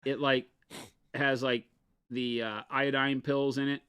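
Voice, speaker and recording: A man's voice: mid-range voice, flat delivery, takes it slowly, a bit bright, clean tone. A man co-hosting a casual livestream, cracking jokes and rambling with fillers. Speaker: livestream co-host.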